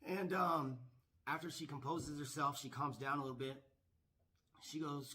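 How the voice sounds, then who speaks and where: A middle-aged man speaks to camera about his own life with a fairly high, bright, slightly tense voice. His telling is eager and boastful, and he circles back over the same points. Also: moderate pace. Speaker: professional gambler. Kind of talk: casual storytelling to camera.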